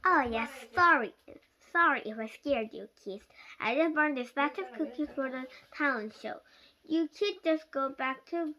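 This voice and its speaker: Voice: sits high, expressive, bright, forceful tone, exaggerated voice. A child reading a storybook aloud, voicing a frazzled, stern mother who scolds her son. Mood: flustered. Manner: scolding, demanding, slow and emphatic.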